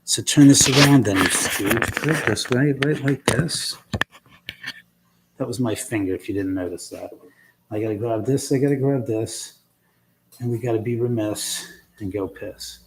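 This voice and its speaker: A man hosting a live ghost-hunting stream from inside his house, grumbling and cursing to himself as he scolds unseen spirits, swinging from sudden loud outbursts to whispered mutters. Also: mid-range voice, normal speed, slight background noise. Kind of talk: live stream, casual chat. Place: indoors in his own house, moving between rooms and stairs.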